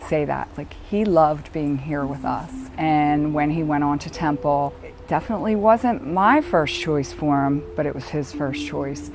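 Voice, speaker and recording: A middle-aged woman, a bereaved mother, telling her story in a halting, reflective way with pauses. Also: sits low, slight background noise. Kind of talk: personal documentary testimony. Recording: music playing underneath. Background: soft background music.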